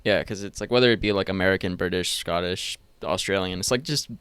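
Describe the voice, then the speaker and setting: A young man appearing as a podcast guest, talking in a halting way full of fillers and casual swearing. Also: sits low, fairly bright tone, a little hiss or hum. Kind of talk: casual chat.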